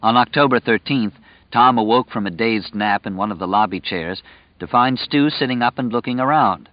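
Reading scripted audiobook narration, a man with a mid-range voice keeps a steady storytelling manner. There's no echo, and the recording quality is dull, dry and lo-fi.

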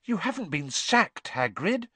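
A man's voice: sits high, very animated, unhurried, bright, forceful tone, slightly rough, dry recording, pitched above the performer's own voice, exaggerated voice. A man voicing an anxious, earnest and bookish teenage girl in a raised, careful voice.

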